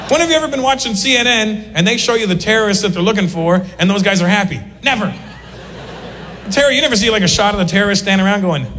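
A man's voice: high-pitched, a little hiss or hum. A Canadian man doing stand-up, telling stories with acted-out voices. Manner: animated storytelling with acted-out voices. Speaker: stand-up comedian. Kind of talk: stand-up comedy.

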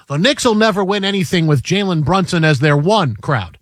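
A man hosting a casual sports talk show, his voice sitting high for a man. He circles back to the same point again and again in an animated, rambling way. The sound is dry, with no room echo. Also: moderate pace, hardly any pauses. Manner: rambling, repeats himself, animated.

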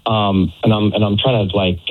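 A man's voice: on the low side, steady tone, normal speed. A man on a phone call telling a story about a date, hesitant and full of fillers. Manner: hesitant, many fillers and restarts. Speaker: caller on the phone. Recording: tinny phone line.

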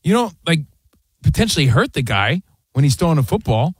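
Lively, expressive male sports-talk host. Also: a little high, brisk, husky, no room sound. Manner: animated, argumentative, jokey. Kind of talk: casual sports radio banter. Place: radio studio.

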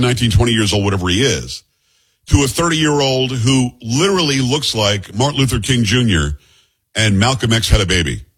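Male host with a New York accent, blunt and sarcastic, slightly husky voice. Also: mid-range voice, a bit bright. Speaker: host commentator. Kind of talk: political commentary.

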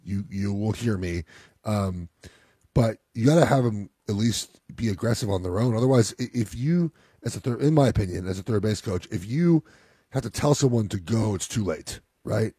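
A middle-aged man chatting casually, a father and youth softball coach who acts out his son's lines as he tells a story. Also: on the low side, slightly rough, no room sound. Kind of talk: casual chat.

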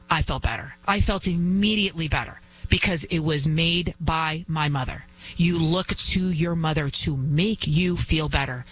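A woman's voice: on the low side, a bit bright, a little hiss or hum, poor audio. A woman filling in as a talk radio host, giving an emphatic, indignant monologue with lots of repetition.

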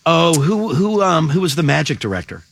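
A man hosting morning radio, playful and animated, laughing often through studio banter. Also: on the high side, normal speed, slightly rough, dry recording. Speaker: radio host.

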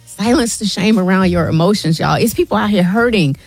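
A woman's voice: medium pitch, a little fast, no room sound, faint music behind. A middle-aged woman guest on a radio show, speaking with earnest urgency and often saying "y'all". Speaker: guest, nonprofit founder. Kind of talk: emotional radio interview.

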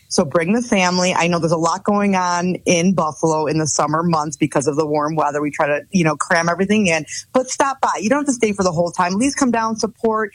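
A woman's voice: on the low side, breathy edge, no room sound, rough recording. A woman guest on a radio show, promoting a dog rescue event in an upbeat way. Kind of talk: radio interview.

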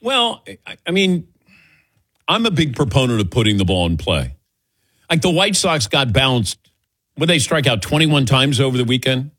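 A man hosts a sports talk show in a husky voice that rises and falls a lot. He talks quickly and casually into a studio mic. The sound is close and dry. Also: mid-range voice, dry recording. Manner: animated, quick back-and-forth. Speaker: sports radio host. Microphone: studio microphone.

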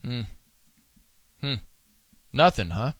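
A man's voice: medium pitch, very animated, takes it slowly, no room sound. A man hosting a sports radio show, chatting casually in a rambling, self-amused way. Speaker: fill-in radio host. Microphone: studio microphone.

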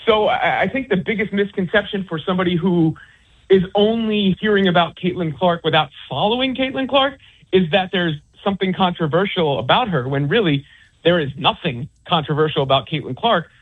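This husky, slightly raised male voice belongs to a sports writer and commentator answering interview questions over a tinny phone connection. He talks fairly quickly with lively intonation, circling his point through restarts, fillers and piled-up examples in a rambling way.

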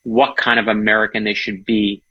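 A man's voice: on the low side, flat delivery, normal speed, breathy edge, muffled recording. A man, an author and guest, telling history stories enthusiastically in casual interview chat. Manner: enthusiastic, storytelling.

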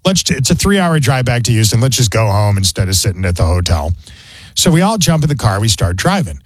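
Brief: animated male host, dry studio sound, joking banter. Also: lowish voice, fast talker, no echo. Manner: animated storyteller, jokey. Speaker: radio show host. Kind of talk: casual radio banter.

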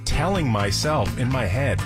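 A man co-hosting a radio show, joking around in animated banter and firing off exasperated questions. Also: medium pitch, a little slow, over loud music. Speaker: radio co-host. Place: radio studio.

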